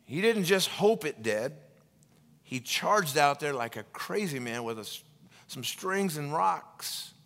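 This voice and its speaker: A male pastor preaching a sermon, retelling scripture stories with lively energy and many restarts and repetitions. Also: a little high, slow. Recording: long reverb of a large hall.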